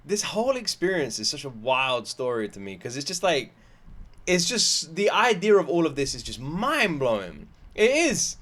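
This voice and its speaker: A man's voice: fairly high pitch, very animated, moderate pace, a bit bright. Chatty man from Britain reacting to comedy. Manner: chatty, rambling, lots of fillers. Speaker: reaction video host. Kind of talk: casual reaction commentary.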